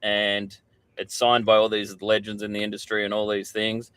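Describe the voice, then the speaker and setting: A man's voice: fairly low pitch, completely flat delivery, normal speed, a bit bright, clean tone, no room sound. A middle-aged Australian man, a podcast guest, telling candid stories in casual chat and swearing freely.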